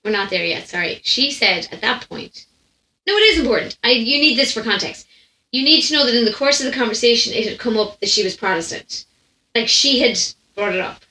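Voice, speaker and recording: A young Irish woman tells a story in a bright, slightly high voice, animated and quick to laugh, often cutting herself off mid-sentence. Her voice rings in a roomy space with noticeable echo. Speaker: podcast host. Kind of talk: storytime anecdote chat.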